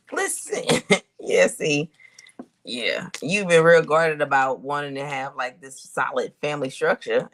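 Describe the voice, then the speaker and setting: Woman host, intuitive reader; colloquial, musing delivery with long hums, very animated pitch. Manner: musing, thinks aloud with long hums and pauses; colloquial, addresses viewers as y'all. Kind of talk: casual spiritual reading to camera.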